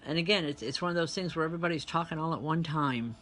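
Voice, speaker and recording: A woman's voice: low voice, quick pace, a bit bright, slight background noise. A woman reverend working as a medium, giving a live online spiritual reading and talking chattily to viewers as she relays spirit messages.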